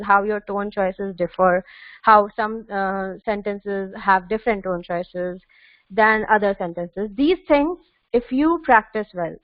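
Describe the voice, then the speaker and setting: A woman's voice: mid-range voice, no room sound. A woman giving tips in an online webinar, hesitant with many fillers and restarts. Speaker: webinar presenter. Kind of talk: instructional webinar talk. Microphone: video call. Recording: tinny phone-like call audio.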